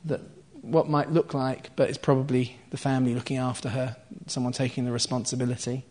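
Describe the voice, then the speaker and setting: A man in the middle of his pitch range gives a sermon in an easy, conversational way. He walks through a scripture passage line by line, stopping to explain and check in with his listeners. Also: level tone, a little fast. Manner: explains scripture line by line with asides and soft laughs. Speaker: preacher. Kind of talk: conversational Bible teaching.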